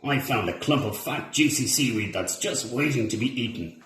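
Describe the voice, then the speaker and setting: A man's voice: medium pitch, expressive, moderate pace, a bit bright, reverberant, slight background noise, lightly acted. A man voicing a big, greedy male iguana gang boss in a storybook reading, with a sly, drawling manner. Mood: scheming.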